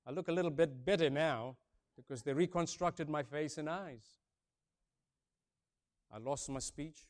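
A man over fifty from Africa preaching a sermon, booming on key points, then dropping low and soft, and repeating his phrases. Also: a little slow. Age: older, over fifty. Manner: swings between booming emphasis and hushed softness, repeats key phrases.

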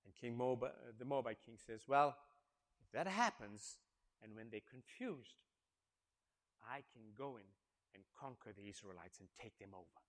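A male preacher retelling a story in a sermon, acting out the characters and asking the congregation questions, swinging from hushed tones to loud exclamations. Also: mid-range voice, animated, moderate pace. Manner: dramatic, swings from hushed to shouting, acts out characters.

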